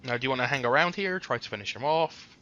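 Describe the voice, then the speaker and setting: A man with a bright, forceful voice serves as game master, narrating the fight in a casual, chatty way. The recording sounds dull and lo-fi. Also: mid-range voice, lively intonation, fast talker, a little hiss or hum. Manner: casual, chatty, hums while looking up rules.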